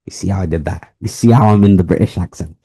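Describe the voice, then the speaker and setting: A man's voice: sits low, quick pace, gravelly, dark tone, breathy edge. A twenty-year-old man from the United States giving an emphatic sports opinion monologue, repeating key phrases for stress. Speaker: sports vlogger.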